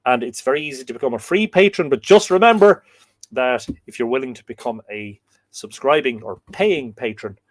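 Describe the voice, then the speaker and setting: A middle-aged Irish man hosting a live stream, reading out viewer comments in a hesitant, thinking-aloud way with many pauses and fillers. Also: medium pitch, expressive. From Ireland. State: dry throat, coughing. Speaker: host of a live myth reading show.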